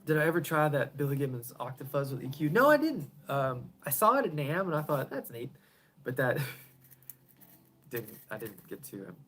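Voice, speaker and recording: A man building pedals and hosting a casual live stream from his garage, answering viewers in a rambling way, often chuckling and trailing off quietly at the ends of thoughts. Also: mid-range voice, very animated, normal speed. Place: home garage.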